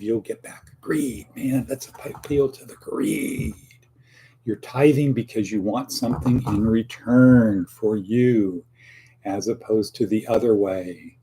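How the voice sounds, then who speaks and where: A man's voice: on the low side, takes it slowly, warm tone, husky. A man hosting a casual daily motivational monologue, rambling with playful asides and acted-out quotes. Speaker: host of a daily motivational talk.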